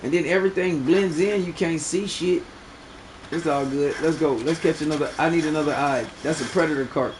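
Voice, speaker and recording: A man's voice: on the high side, a little fast, noisy background. A young man streaming a fishing game, bragging and swearing in loose slang as he talks to his chat. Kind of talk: live gameplay commentary.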